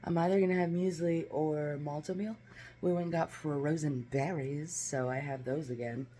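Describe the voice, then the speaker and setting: A woman's voice: low-pitched, fairly even intonation, normal speed, noisy background. A woman chatting casually in a home vlog, rambling with lots of fillers and asides. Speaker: vlogger. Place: home kitchen.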